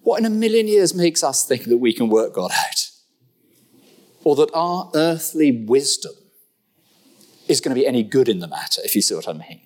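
A middle-aged man preaching a sermon, conversational and lively, with rhetorical questions and humorous asides. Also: medium pitch, normal speed, long pauses. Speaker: pastor.

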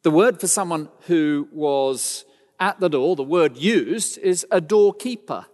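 Male preacher, fairly high and very lively voice, emphatic sermon delivery, long hall reverb. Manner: emphatic, rhetorical, dramatic pauses.

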